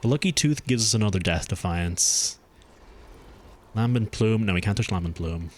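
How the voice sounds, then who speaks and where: A man streaming a game, chatting casually and thinking aloud as he plays, with his pitch jumping up when something surprises him. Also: normal speed, darkish tone, a little hiss or hum. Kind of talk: casual gameplay commentary.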